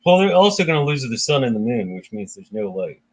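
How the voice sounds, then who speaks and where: A man's voice: mid-range voice, sing-song, a little fast, poor audio. Chatty man hosting a book discussion. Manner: conversational, reads passages aloud, chatty asides.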